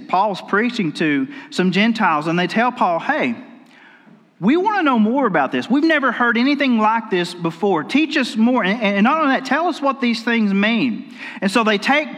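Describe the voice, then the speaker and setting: A man preaches a sermon in a folksy, storytelling way, often circling back to restart his sentences. His voice sits high for a man. It rings with the long reverb of a church hall. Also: big pitch swings, moderate pace, fairly bright tone. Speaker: pastor. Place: church sanctuary.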